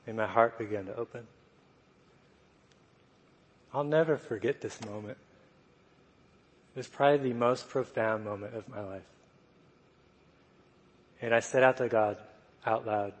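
A man preaching a sermon, telling a personal story in a soft, humorous way. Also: mid-range voice, unhurried, long pauses, husky. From United States. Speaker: guest preacher. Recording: long reverb of a church hall.

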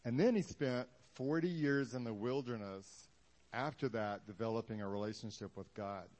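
A man preaching to a congregation in a loose, conversational way. His pitch sits in a middle range. He jokes as he goes and acts out the Bible scenes in little put-on voices. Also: normal speed, a little mellow. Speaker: pastor. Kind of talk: sermon.

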